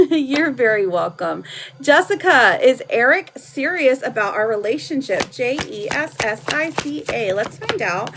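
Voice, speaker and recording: A woman in her thirties reads tarot cards on a noisy home live stream, chatting affectionately with her viewers and laughing often. Her voice is high and fairly bright, animated but kept to a measured pace.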